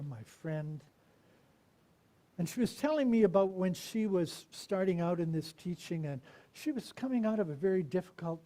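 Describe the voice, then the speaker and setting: A man giving a sermon as a minister, telling stories and swinging from loud lines to whispered ones. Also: on the high side.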